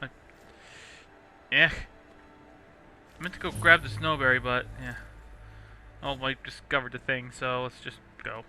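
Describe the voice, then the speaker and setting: A young man casually rambling through gameplay commentary, chatty and quick to laugh. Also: mid-range voice, steady tone, pushed and bright, faint music behind. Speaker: let's play host.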